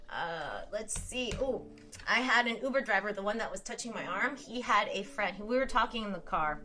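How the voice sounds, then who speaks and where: A young woman chats on a live stream and reads viewer comments aloud. Her tone is bright and lively, and she laughs easily and swears without thinking. Faint music plays in the background. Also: medium pitch, moderate pace. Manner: chatty, laughs often, swears casually. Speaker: streamer reading chat. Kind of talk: casual live-stream chat.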